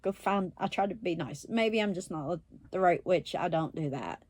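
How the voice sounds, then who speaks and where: Blunt, foul-mouthed woman telling a story; low, dark voice, dry recording. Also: lively intonation, normal speed, no echo. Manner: blunt, swearing, laughing often, acts out quoted voices. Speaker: self-described witch and medium, vlogger. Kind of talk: casual storytelling to camera.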